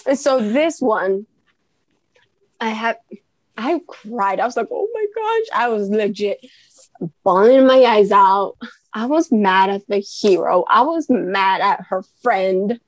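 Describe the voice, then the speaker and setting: A woman's voice: medium pitch, slow pace, no echo. A woman co-hosting a podcast, gushing and giggly as she reviews books in casual chat. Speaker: podcast co-host.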